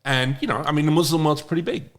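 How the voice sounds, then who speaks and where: A man's voice: on the high side, fairly even intonation, quick pace, a bit bright. A man co-hosting a podcast who explains his views fluently and steadily in casual chat. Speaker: podcast co-host.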